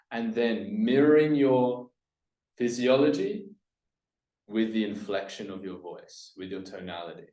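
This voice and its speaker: A man's voice: fairly low pitch, a little slow, a little mellow. Guy coaching business stuff to camera, big ups and downs in his voice, echoey room sound. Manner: emphatic, demonstrates upward and downward inflection, drops voice on key points.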